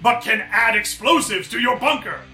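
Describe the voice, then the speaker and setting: Gloating leather-clad villain duelist played by a man, loud and bright. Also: very high-pitched, moderate pace, reverberant, faint music behind, exaggerated voice. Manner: gloating, shouting.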